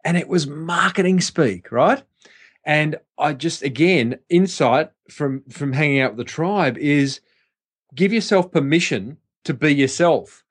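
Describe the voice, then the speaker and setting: A man's voice: fairly high pitch, a little slow, breathy edge. A man co-hosting a marketing podcast, sharing reflections in a casual way, with hesitant restarts and frequent fillers. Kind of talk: casual business chat.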